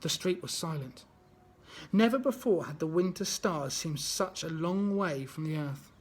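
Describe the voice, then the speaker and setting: Man, storybook read-aloud, fairly high voice, stumbling restarts. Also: measured pace, slightly rough. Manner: unpolished, with frequent restarts. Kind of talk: reading a children's book aloud.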